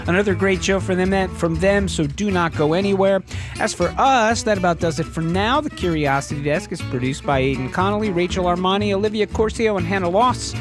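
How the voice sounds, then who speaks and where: A man hosting a radio show, interviewing a guest and then wrapping up the show in a brisk, conversational way. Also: high voice, music in the background. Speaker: radio host.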